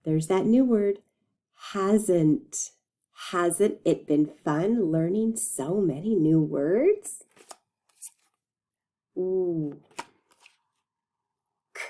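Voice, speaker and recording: A woman teacher leading a phonics lesson for young children, slowly modeling and stretching words and encouraging them. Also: fairly low pitch, mellow.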